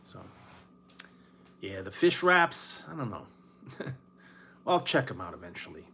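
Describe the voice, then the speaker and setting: A man from Northern California chatting casually about fast food, rambling and laughing often between his words. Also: fairly low pitch, sing-song, pushed and bright, a little hiss or hum. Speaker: food reviewer. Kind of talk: casual late-night chat.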